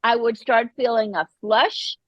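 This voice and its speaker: A woman, a podcast guest, telling her personal recovery story in an animated way, acting out the voices she quotes. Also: fairly high pitch, measured pace, dry recording, dull audio.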